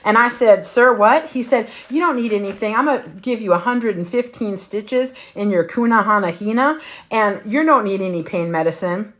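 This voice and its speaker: A woman's voice: medium pitch, moderate pace. A woman in her fifties telling a long, profane story on a livestream, acting out both sides of the conversation. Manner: profane, animated storytelling with quoted voices. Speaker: lifestyle vlogger.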